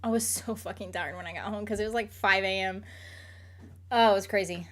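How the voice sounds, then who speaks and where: A woman's voice: medium pitch, steady tone, brisk, a bit bright. A young adult woman chatting casually as a streamer, rambling with lots of fillers while she answers chat questions. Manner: rambling, filler-heavy, frequent "like".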